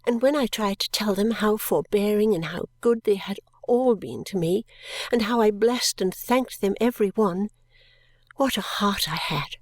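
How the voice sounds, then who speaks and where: A woman narrating a classic novel as an audiobook, with a tender, emotive reading and soft whispered touches. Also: mid-range voice, normal speed, no echo, studio quality.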